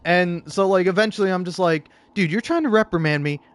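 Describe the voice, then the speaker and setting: Young male streamer with a somewhat high voice, chatting in a loose, profane, laughing way. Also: brisk. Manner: rambling, profane, laughs often. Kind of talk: casual storytelling while gaming.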